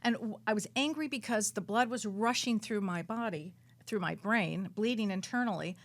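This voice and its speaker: A woman who works as a psychic medium, a guest on a radio talk show, telling her story in an animated, dramatic way and repeating words for emphasis. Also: moderate pace. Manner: animated, dramatic storytelling with big swings in pitch and loudness.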